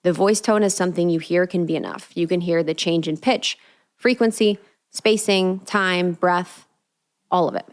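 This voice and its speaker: A woman's voice: lowish voice, normal speed. A young adult woman hosting a solo podcast, talking in an earnest, spiritual, casual way with lots of "like.". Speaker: podcast host. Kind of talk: reflective solo podcast monologue.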